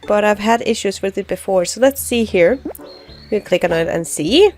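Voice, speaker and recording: A woman's voice: mid-range voice, expressive, normal speed, a little mellow, faint music behind. A woman giving casual, rambling gameplay commentary, chatty and giggly. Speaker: let's play commentator.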